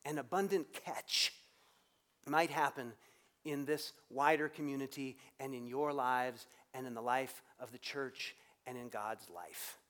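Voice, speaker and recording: A man's voice: medium pitch, unhurried, a bit bright. A man preaching a sermon in a reflective, conversational way, rising and dropping his voice for emphasis.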